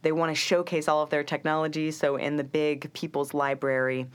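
A woman's voice: sits low, little pitch movement, fairly quick, clear, resonant tone. An American woman, a guest on a talk show, chatting casually and telling a travel story. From United States. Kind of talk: casual chat.

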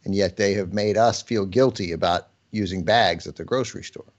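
A man's voice: low-pitched, a little fast, highs cut off. A man co-hosting a podcast, chatting casually in a rambling, hesitant way with lots of fillers. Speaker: podcast co-host. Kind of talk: casual comedic chat.

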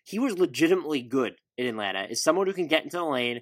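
A man hosting a casual sports podcast, talking in an animated way and firing off questions. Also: on the high side, rapid-fire, dry recording. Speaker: podcast host.

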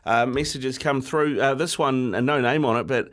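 A man with a New Zealand accent co-hosting morning radio, telling stories in a relaxed way with lots of fillers. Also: mid-range voice, normal speed. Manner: relaxed storyteller, many fillers, laughs easily. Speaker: radio co-host. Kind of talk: casual morning radio chat.

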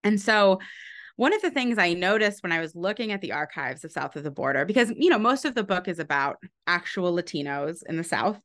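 A woman historian speaks in a fairly low voice, working through her explanation with many fillers and quick restarts. She laughs lightly now and then as she talks about her book in an unscripted podcast interview. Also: a bit bright. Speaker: author and historian.

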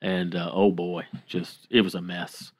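A man co-hosting a podcast, telling a story in a relaxed way with many pauses and self-deprecating laughs. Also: deep voice. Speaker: podcast co-host. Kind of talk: casual chat.

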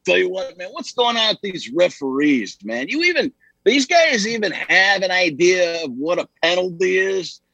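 A man putting on a brash, gruff middle-aged football coach who talks pushily. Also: sits high, big pitch swings, moderate pace, sharp tone, no room sound, dull audio, pitched above the performer's own voice, full character voice. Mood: indignant.

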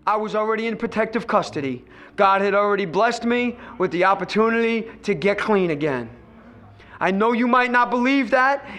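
A man giving personal testimony at a recovery meeting. He tells his story with lively acted-out dialogue and drops to a hush at times. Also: high voice, smooth. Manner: storytelling, acts out quoted voices, swings between loud and hushed.

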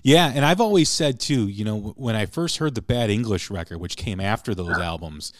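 A male podcast host asking rambling questions with the excitement of a fan. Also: fairly low pitch, fairly quick, no echo, clean studio sound. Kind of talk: casual interview chat.

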